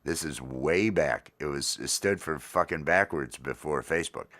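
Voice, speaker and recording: A middle-aged man hosts a casual morning coffee livestream in a rumbling low, slightly bright voice at normal speed. He rambles and is self-deprecating, with lots of fillers.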